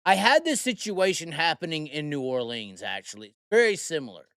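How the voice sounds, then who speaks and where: A man's voice: a little high, sing-song, normal speed, fairly bright tone, no echo, clean studio sound. A man hosting a podcast, telling a rambling, profane and heated story in casual talk. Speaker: host.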